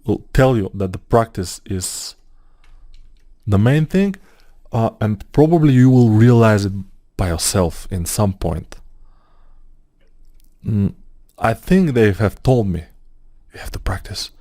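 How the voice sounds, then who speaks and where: A man's voice: on the low side, animated, unhurried, mellow, no echo, clean studio sound. A man casually giving advice about learning, repeating words as he thinks aloud with frequent fillers.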